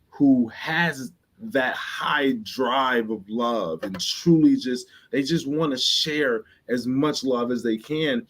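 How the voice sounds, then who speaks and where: A Chicago man speaks in a husky, mid-range voice as a love coach on a podcast. Emphatic, he often restarts phrases and coaxes the listener to see his point of view.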